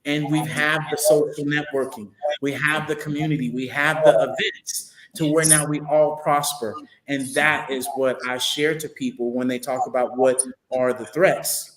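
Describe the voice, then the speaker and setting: A man's voice: on the high side, steady tone, normal speed, echoey room, background noise. A man, a guest entrepreneur, talking in a motivational way and repeating phrases for emphasis. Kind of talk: motivational interview talk.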